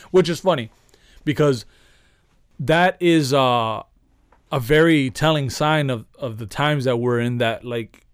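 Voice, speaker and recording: Here a man with a mid-range voice talks slowly and smoothly while co-hosting a podcast. The conversation is casual, meandering and profane, with frequent laughter, and the recording is dry and studio-clean.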